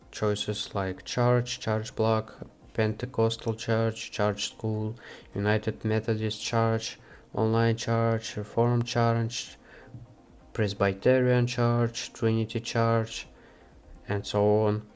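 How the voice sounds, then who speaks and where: A man hosting a software how-to, talking the viewer through each step with frequent hesitations. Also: fairly low pitch, flat delivery, smooth. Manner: unhurried, with frequent "uh" fillers. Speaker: software tutorial host. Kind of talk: screen-recorded how-to walkthrough.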